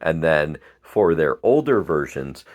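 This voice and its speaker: A man casually unboxing and talking through a collectible beer tap handle, relaxed and rambling with small laughs. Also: a bass voice, slow pace.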